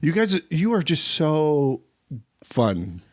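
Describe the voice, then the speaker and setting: A man's voice: a little high, very animated, slow. A man hosting a podcast, interviewing a guest in an enthusiastic, encouraging way. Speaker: podcast host. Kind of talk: casual interview.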